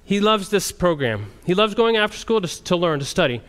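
A man who works as a missionary, telling a story to a group in an animated way and often restarting his sentences. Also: high voice, fairly quick, clean tone. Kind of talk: storytelling testimony talk.

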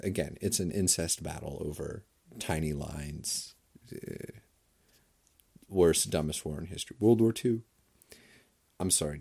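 A man's voice: sits low, gravelly, mellow. A man delivering a rambling, sarcastic comedic rant full of digressions.

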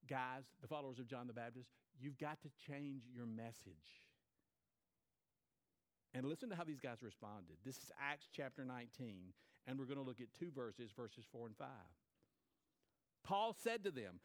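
A man's voice: fairly high pitch, normal speed. A man preaching a sermon, retelling a story with repeated phrases and acted-out quotes. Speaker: pastor.

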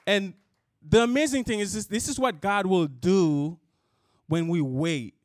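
A man's voice: high-pitched, a little slow. A young man giving an earnest sermon testimony, repeating and restarting his words as he builds toward an impassioned close. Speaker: church speaker.

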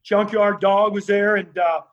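A man telling lively stories as a guest, acting out the other people in his tales. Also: high-pitched, a little slow, dull audio. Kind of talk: animated anecdotal storytelling.

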